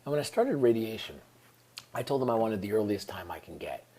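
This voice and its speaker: A man's voice: on the low side, very animated, fairly quick, mellow, slightly rough. A man, telling a personal story in an earnest, reflective way and often dropping into whispered asides. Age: 30s. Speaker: vlogger.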